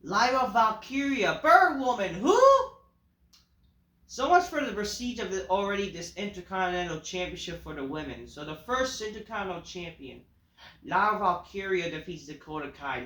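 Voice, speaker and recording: A man's voice: high voice, brisk, bright, forceful tone. A man reviewing a wrestling show in a casual, profane, dismissive rant full of filler words. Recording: echoey room.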